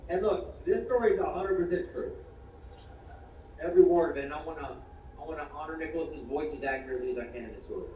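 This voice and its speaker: A man telling a stand-up story with lots of energy. He swings from hushed asides to loud bursts and uses slang and swearing. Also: a little high. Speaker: stand-up comedian. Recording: roomy, distant, muffled, with clear background noise.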